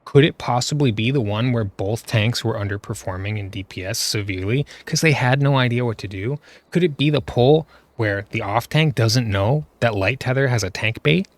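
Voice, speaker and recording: A man's voice: mid-range voice, normal speed, no echo. A man ranting in exasperation over gameplay footage, casual and chatty, often checking in with "right?" as he talks. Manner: exasperated, ranting, keeps tagging "right?" and "you know what I mean?". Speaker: gaming commentator.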